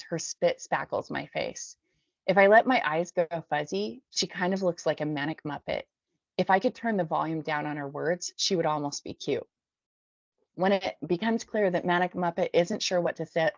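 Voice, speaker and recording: Woman from the Bay Area, memoir reading, subdued, gravelly, lo-fi. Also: sits low, dry recording. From San Francisco Bay Area. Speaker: podcast guest. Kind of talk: reading her memoir aloud. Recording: dull dry lo-fi recording.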